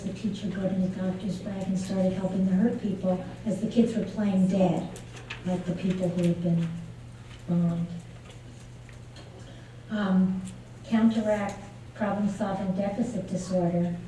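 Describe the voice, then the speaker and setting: Woman keynote speaker, warm and mellow, chatty lecture style, picked up from afar in a very roomy hall. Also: on the low side. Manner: conversational storytelling, frequent fillers. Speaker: keynote speaker on early childhood play. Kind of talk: conference lecture. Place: large lecture venue. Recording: echoey hall from far off, faint noise.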